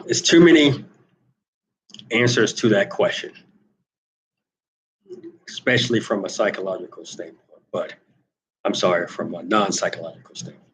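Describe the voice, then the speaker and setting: A man's voice: sits low, normal speed, long pauses, a bit bright, rough recording. A man hosting a solo talk monologue, wry and rambling, repeating words as he thinks, turning emphatic when he argues a point. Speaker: host.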